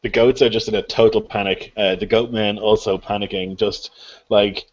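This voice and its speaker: A man running a tabletop game as game master, explaining rules in a relaxed, laughing way. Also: on the low side, normal speed. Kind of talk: narrating a tabletop game over an online call. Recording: dull lo-fi call audio.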